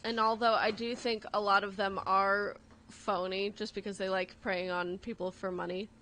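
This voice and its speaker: A woman's voice: mid-range voice, flat delivery, normal speed, bright, forceful tone, slight background noise. A woman co-hosting a radio show in a studio, chatty and self-deprecating, giggling often. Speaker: radio co-host. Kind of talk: casual studio chat.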